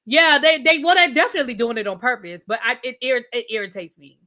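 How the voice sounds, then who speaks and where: A woman in talks through her opinions on TV shows for a live audience. Her voice is bright and sits a little high. She rambles and restarts, then circles back to hedge what she thinks. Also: expressive, fast talker, few pauses. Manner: chatty and opinionated, with frequent restarts and repeated hedges. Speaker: show reviewer and livestream host. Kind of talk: casual livestream commentary.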